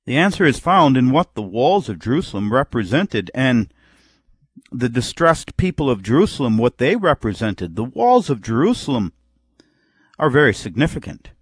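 A man's voice: mid-range voice, very animated, moderate pace, husky, dry recording, clean studio sound. A man preaching a sermon. He reads scripture aloud and acts out imagined replies to make his point.

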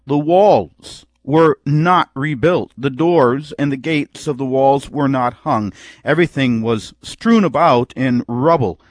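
Male preacher, sermon delivery, animated pitch, dry close sound, reads scripture and voices imagined replies. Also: no echo. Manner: reads scripture in old King James wording, acts out imagined replies.

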